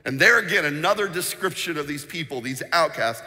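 A man preaching a sermon as pastor, telling stories with animated energy and acting out the voices in them. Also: a little high, brisk. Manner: animated storytelling, acts out quotes; sings snippets of a children's song. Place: church sanctuary. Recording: long reverb in a church hall.

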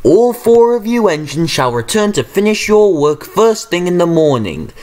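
A man puts on a pompous older railway boss in a storybook tale, who scolds in a booming, commanding voice. He speaks loudly and raises his pitch as he lectures. His delivery has wide swings in pitch. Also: big pitch swings, a little slow. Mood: stern.

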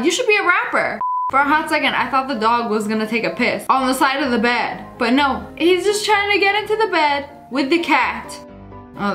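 A woman hosting a reaction video, giving playful, slangy commentary with quick joking asides. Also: high voice, a bit bright. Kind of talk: reaction commentary on short clips.

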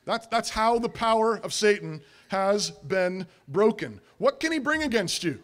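Male pastor, high voice, emphatic sermon delivery, rhetorical questions. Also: lively intonation, unhurried, a bit bright.

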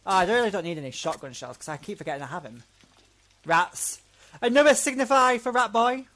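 A man hosting a let's play video, giving excitable commentary that swears often and talks to himself while he plays, wearing headphones at home. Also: high voice, fairly quick. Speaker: gaming channel host. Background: game music.

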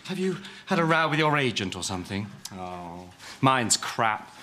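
A camp, showbiz-mad English actor. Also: male voice, medium pitch, very animated, normal speed, pushed and bright, slight background noise. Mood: eager. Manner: theatrical and eager.

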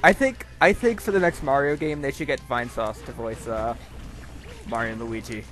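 A man bantering while playing a video game with friends, excitable and quick to exclaim and groan at the game. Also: medium pitch, over music. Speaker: gaming commentator. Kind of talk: casual gaming banter.

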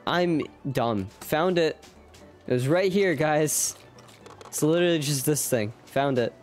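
A man's voice: a little high, lively intonation, unhurried. Rambling young male game streamer. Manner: rambling, self-deprecating, chats with viewers. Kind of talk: casual live game commentary. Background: faint game music.

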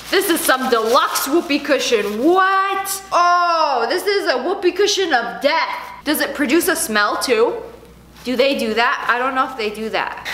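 A woman's voice: high voice, a bit bright, echoey room, slight background noise. A young woman in her twenties, a YouTuber chatting through an unboxing vlog with a bubbly, sarcastic, giggly manner.

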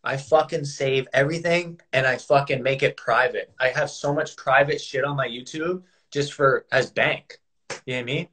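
A man's voice: medium pitch, normal speed, fairly bright tone, breathy edge. A man chatting casually on a livestream, slangy and swearing, calling his friend bro a lot.

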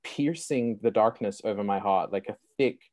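A young man telling his own faith story as an interview guest, animated and full of "like" fillers. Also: on the low side, normal speed, no echo. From Sydney, Australia. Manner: animated, many "like" fillers, laughs often. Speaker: guest, Christian apologist. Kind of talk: personal testimony storytelling.

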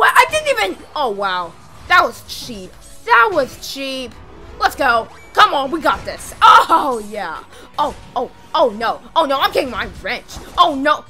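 Excitable woman gaming host, high and lively, shouting at rivals over faint game music. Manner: excitable, yells at opponents mid-match. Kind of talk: live gameplay commentary.

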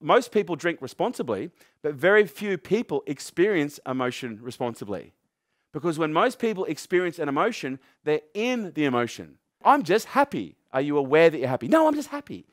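A man's voice: a little high, animated, brisk, no room sound, clean studio sound. A middle-aged man giving a motivational talk to a live audience. He talks emphatically, swears freely and throws questions at the crowd. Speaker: motivational speaker.

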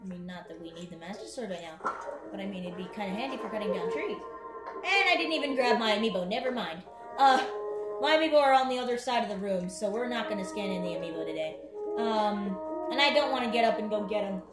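A woman's voice: medium pitch, lively intonation, fast. A woman casually commentating her gameplay at home, rambling and chatting with the game as she plays. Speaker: gaming channel host. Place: home room. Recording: echoey room with game music. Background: game music.

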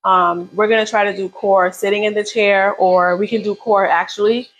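A woman's voice: medium pitch, steady tone, moderate pace, muffled recording. A woman leading a live beginner workout, coaching casually and encouragingly while counting down reps. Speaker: fitness instructor.

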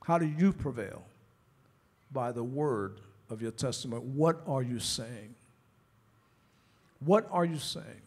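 Husky New pastor preaching. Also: male voice, mid-range voice, expressive, slow pace, pauses often. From New York. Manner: repetitive rhetorical questions, conversational preaching. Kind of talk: sermon.

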